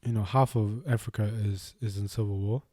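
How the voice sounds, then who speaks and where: A young man with a New Zealand accent, telling stories in a casual podcast chat, animated and swearing a lot as he acts out what people said. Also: fairly low pitch, brisk, dry recording, clean studio sound.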